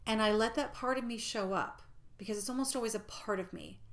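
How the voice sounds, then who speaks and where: Woman, personal growth teacher; calm, reassuring teaching talk, at times hushed almost to a whisper. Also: fairly high pitch, a little fast. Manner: gentle, reassuring, drops into soft near-whispers.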